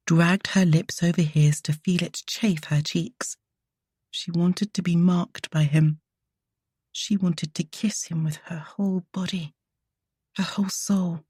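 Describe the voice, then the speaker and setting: Low, husky woman narrating romance. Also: warm tone, dry recording, studio quality. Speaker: audiobook narrator.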